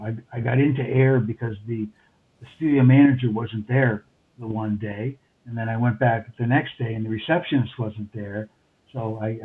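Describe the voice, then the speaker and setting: Over a tinny phone line with a little background noise comes a fairly low male voice. The speaker, an older New Yorker with the local accent, works as a recording engineer and rambles through anecdotes, stumbling over fillers and starting sentences again and again.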